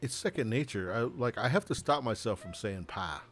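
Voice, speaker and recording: A man's voice: medium pitch, expressive, moderate pace, background noise. A man chatting casually while playing a game on stream, rambling and losing his train of thought. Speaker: streamer and co-player. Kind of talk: casual chat while gaming.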